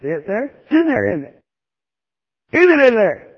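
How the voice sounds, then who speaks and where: A preacher delivers a folksy, emphatic sermon and hammers his points home through repetition. His voice sits high for a man. The recording is dull and dry, with little room sound. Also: wildly swooping pitch, normal speed, slightly rough, dry recording.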